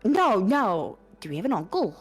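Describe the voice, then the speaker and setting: A woman's voice: medium pitch, big pitch swings, normal speed, slightly rough. A woman playing in a tabletop game, speaking hesitantly and repeating words as she stammers. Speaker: player. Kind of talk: tabletop role-play chat. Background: faint music.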